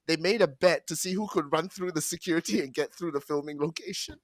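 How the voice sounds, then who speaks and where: A man's voice: fairly high pitch, quick pace. A man co-hosting a podcast, chatting casually and swearing freely. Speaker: podcast co-host. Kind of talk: casual chat.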